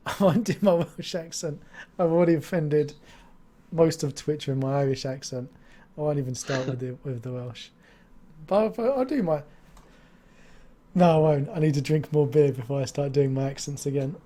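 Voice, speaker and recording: A man's voice: fairly high pitch, fairly even intonation, brisk, mellow. A man hosting a live-stream interview, chatty and jokey, rambling from topic to topic. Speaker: stream host.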